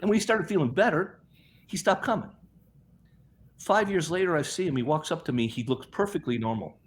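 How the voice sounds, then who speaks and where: Rambling middle-aged man, high voice. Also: a little fast. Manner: rambling, repeats words, quotes others in his own voice. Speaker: guest, health practitioner. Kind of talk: storytelling interview.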